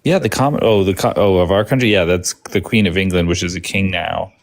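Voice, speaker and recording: A man's voice: low-pitched, fairly quick. A man with a Canadian accent plays along in an improvised bit. He keeps it jokey and tosses in a casual "eh.". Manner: jokey, drops in "eh". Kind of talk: playful improvised role-play.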